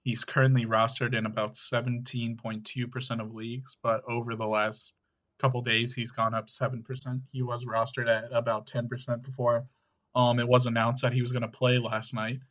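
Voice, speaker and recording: A man co-hosts a casual fantasy basketball podcast, working through player stats in a steady, analytical way with frequent ums. His voice is medium in pitch at normal speed, and the sound is lo-fi.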